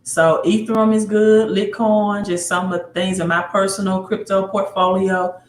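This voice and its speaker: A woman with a Mississippi accent hosting a casual livestream, talking excitedly, repeating herself and answering viewer comments. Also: medium pitch, normal speed, slight background noise. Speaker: livestream host. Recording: roomy echo.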